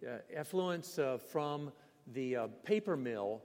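A man putting on a sly teasing local, pitched way up and poking fun, big hall echo hanging on it. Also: lively intonation, slow, darkish tone. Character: mocking Finnish townsmen teasing about the smell. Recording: long hall reverb.

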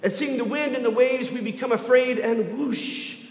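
High-voiced man preaching in an echoey hall. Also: normal speed. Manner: earnest preaching, rising to emphatic repetition. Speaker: pastor. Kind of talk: sermon.

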